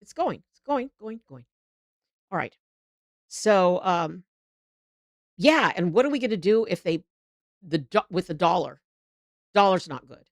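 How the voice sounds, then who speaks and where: A woman's voice: lowish voice, lively intonation, measured pace, pauses often, no room sound, studio quality. Heated, rambling woman host. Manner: heated, rambling, frequent restarts. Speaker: political show host. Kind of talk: live political commentary.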